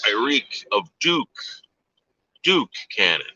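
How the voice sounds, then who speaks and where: A man's voice: fairly low pitch, very animated, slow pace, pushed and bright, no room sound, dull audio. A man from the United States hosting a livestream, talking in a crude, meandering, offhand way. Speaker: livestream host. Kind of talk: casual rambling monologue.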